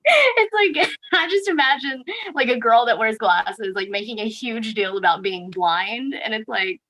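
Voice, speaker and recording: Unhurried woman hosting a chat. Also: a little high, animated, pushed and bright, rough recording. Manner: easygoing, laughs readily. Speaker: host. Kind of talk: casual chat.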